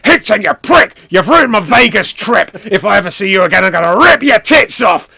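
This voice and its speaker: A man voicing a furious, foul-mouthed male wrestler with a Cockney accent, shouting and swearing. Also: very animated, slow pace, gravelly, breathy edge, full character voice. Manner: shouting, swearing, raised pitch.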